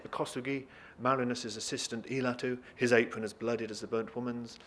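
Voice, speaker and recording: A man's voice: mid-range voice, a little fast. Man reading a novel aloud expressively. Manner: lively expressive reading, talks briefly to listeners. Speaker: reader.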